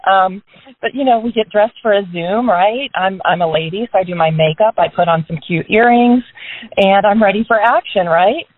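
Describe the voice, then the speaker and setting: A woman's voice: mid-range voice, normal speed, dry recording. A woman talks her team through a casual motivational pep talk from a parked car. She is chatty and upbeat and keeps turning statements into questions for her listeners. The sound is narrow and tinny, like a phone line, and dry, with no room around it. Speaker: business team member giving a motivational talk on a group call.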